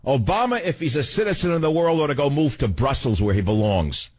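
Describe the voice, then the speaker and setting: A man's voice: fairly high pitch, expressive, fairly quick, no echo. A man hosting a talk radio show, delivering a combative, ranting monologue full of rhetorical questions.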